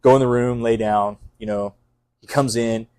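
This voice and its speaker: A man's voice: mid-range voice, fairly even intonation, moderate pace, a little mellow, clean tone, dry recording. A middle-aged man, a fire captain, talking casually in an intense, rambling way, full of restarts and fillers. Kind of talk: casual podcast conversation.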